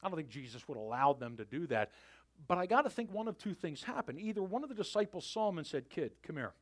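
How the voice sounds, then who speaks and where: A male pastor with a high-pitched voice preaches a sermon at a fast clip, telling stories in an animated way. For emphasis he sometimes drops to a near-whisper.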